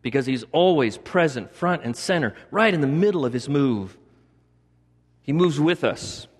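Male pastor, fairly high voice, emphatic repetitive preaching, long hall reverb. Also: animated, moderate pace. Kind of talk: sermon.

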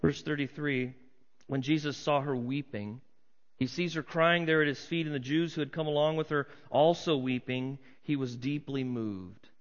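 A man's voice: on the high side, steady tone, moderate pace. A middle-aged man preaching a sermon in a conversational way, now and then acting out voices from a crowd. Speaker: pastor. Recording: muffled sound with long hall reverb.

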